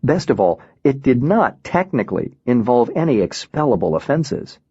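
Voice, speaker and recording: A man reading a first-person novel aloud in an even, reflective way. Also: mid-range voice, normal speed, husky, dry recording. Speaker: audiobook narrator. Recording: dull, dry lo-fi recording.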